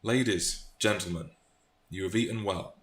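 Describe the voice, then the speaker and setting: British man playing a dark vigilante, slow measured threat, deep voice, echoey room. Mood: menacing. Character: dark male vigilante threatening corrupt elites. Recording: echoey room, faint noise.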